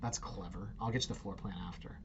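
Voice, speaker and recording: A man's voice: lowish voice, fairly even intonation, fast talker, muffled recording, background noise. Sarcastic man riffing on listings. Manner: opinionated and sarcastic, with frequent "right?" and muttered asides. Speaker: real estate agent host. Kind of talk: casual commentary on listings.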